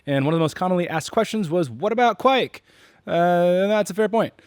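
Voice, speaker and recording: An American man hosts a homebrewing channel, explaining things casually and rambling with lots of fillers and self-deprecating asides. His voice is high-pitched, fast, and darkish in tone, captured dry with clean studio sound.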